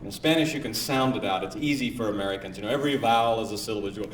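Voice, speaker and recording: A man's voice: lowish voice, very fast. A man doing live stand-up comedy, mock-earnest and silly, slipping into goofy voices. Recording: echoey live hall recording with audience noise.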